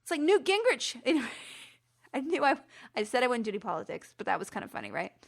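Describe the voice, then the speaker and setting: A woman hosting a rambling solo podcast, animated and self-mocking, slipping into silly voices. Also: mid-range voice, fast, creaky. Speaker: podcast host. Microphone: computer recording.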